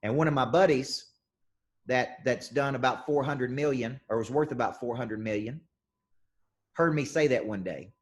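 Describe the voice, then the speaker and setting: A man running a live sales coaching session, talking in an energetic, punchy way and repeating questions for emphasis. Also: medium pitch, moderate pace. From southern United States.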